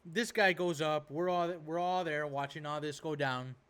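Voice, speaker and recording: A man's voice: a little high, moderate pace, a bit bright, clean tone. A man hosting a reaction video, ranting casually in a rambling way and tossing in "right?" and "bro" as he goes.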